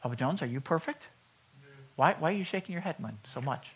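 A man's voice: fairly high pitch, expressive, fairly quick, husky. Conversational male pastor, lo-fi church recording. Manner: conversational, quizzes the congregation. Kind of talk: sermon. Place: church service.

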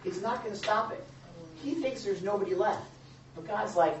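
A male pastor delivers a sermon in a lively way, acting out the scripture quotes and adding playful asides. His voice echoes through a roomy space and comes from some distance from the mic. The sound is dull, with faint background noise. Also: high-pitched, normal speed. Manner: animated, joking asides, acts out quotes. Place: church or meeting room with a live audience.

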